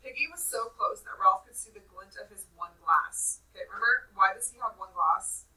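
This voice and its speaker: A woman teacher reading a novel aloud to a class, giving the dialogue loud dramatic emphasis and stopping to ask questions. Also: mid-range voice, lively intonation, normal speed, recorded from a distance, low-quality recording.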